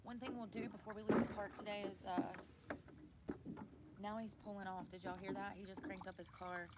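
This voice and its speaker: An indignant woman streams from a park and talks straight to her viewers, with plenty of swearing. Her voice sits at an ordinary middle pitch, and clear outdoor noise runs under her the whole time. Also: little pitch movement, brisk. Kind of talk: casual outdoor livestream.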